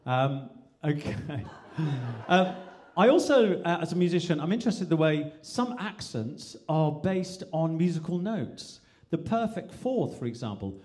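Animated English stand-up comedian. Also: male voice, on the high side, unhurried, a little hiss or hum. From England. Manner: animated, slipping in and out of mimicked accents. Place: live comedy stage.

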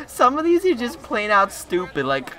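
A teenage man giving casual reaction commentary on videos as a YouTuber, excitable and laughing often as he cheers on the clips. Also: high voice. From United States. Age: teens.

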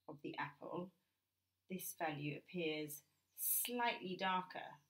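A low-pitched woman with a British accent walks through a drawing lesson. She talks gently and thinks aloud as she works, her voice sitting deep for a woman. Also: steady tone, unhurried. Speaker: art teacher. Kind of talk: drawing lesson while working.

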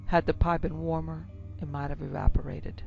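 A shrill, pleading young tavern woman, put on by a female narrator. Her voice rises high with fear, with a gravelly edge. Dull lo-fi sound with faint music beneath. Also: lively intonation, normal speed, darkish tone. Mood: coy.

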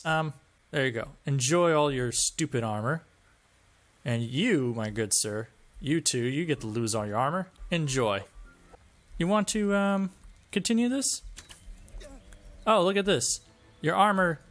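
A man's voice: medium pitch, normal speed, long pauses, a bit bright. A man giving sarcastic, joking let's-play commentary, often laughing and swearing at the game. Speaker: gameplay commentator.

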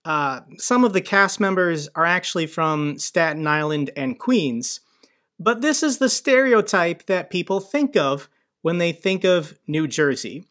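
A man's voice: a little high, animated, unhurried, fairly bright tone. A man from the United States hosting an online news commentary, talking with sardonic, mocking asides. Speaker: commentary channel host.

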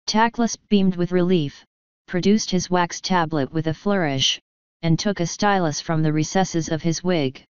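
Woman, audiobook narrator, crisp smooth voice, dry close sound, a little muffled. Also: on the low side, unhurried, no room sound. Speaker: audiobook reader. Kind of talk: scripted narration.

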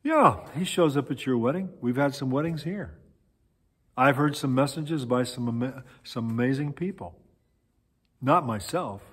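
A male pastor preaching a sermon in a church sanctuary, telling a story in an animated way with frequent pauses and fillers. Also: medium pitch, slightly rough. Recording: echoey church hall.

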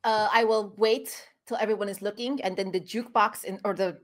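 A woman's voice: mid-range voice, steady tone, a little fast. A woman playing a tabletop game, declaiming theatrically in character. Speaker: player. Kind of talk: tabletop role-play, in character.

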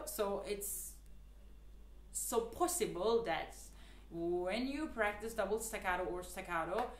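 A woman's voice: medium pitch, reverberant. A woman teaching the clarinet in a casual, chatty way, with lots of fillers and earnest, repeated advice. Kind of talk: casual spoken tutorial.

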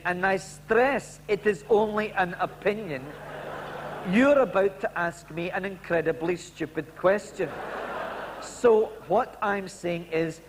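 Man doing a pompous football pundit. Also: high-pitched. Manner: pompous, superior, wordy. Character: pompous, condescending male football journalist. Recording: reverberant, noisy 1990s TV recording.

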